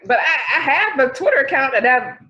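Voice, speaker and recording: A woman co-hosting a podcast in casual chat, talking in an animated way and often trailing off and restarting. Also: sits high, fairly quick, dull audio. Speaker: podcast co-host.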